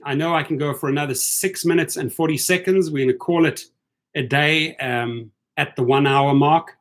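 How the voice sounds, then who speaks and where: A man's voice: fairly high pitch, normal speed. A man hosting a casual livestream for rideshare drivers, reading out viewer comments and chatting to them in a loose, tired way. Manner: chatty, loose, repeats himself, talks straight to viewers.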